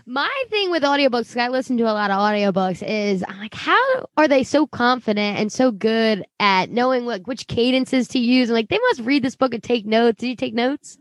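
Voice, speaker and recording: A woman's voice: on the high side, animated, moderate pace, hardly any pauses, no room sound, studio quality. A woman co-hosting a podcast, chatty and encouraging. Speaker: podcast co-host. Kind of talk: casual podcast chat.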